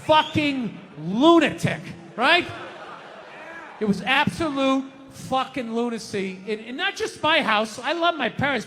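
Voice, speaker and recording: A man doing a stand-up comedy set, loud and ranting as he acts out voices on a big stage. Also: extremely high pitch, slight background noise. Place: comedy stage in a large venue. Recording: live hall with audience laughter.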